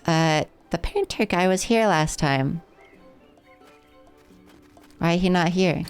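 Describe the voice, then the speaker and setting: A woman livestreams a game, chatting playfully and rambling with her viewers while she plays. Her voice is on the low side, slow and clean in tone, with soft background music.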